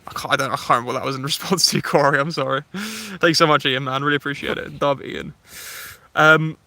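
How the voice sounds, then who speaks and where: A man's voice: a little high, fast talker, sharp tone, no room sound. A man in his twenties with an Essex English accent, chatting casually on a live stream from a woodland camp and reading out viewer comments. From England. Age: 20s. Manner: chatty, friendly, reads viewer names aloud. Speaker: vlogger.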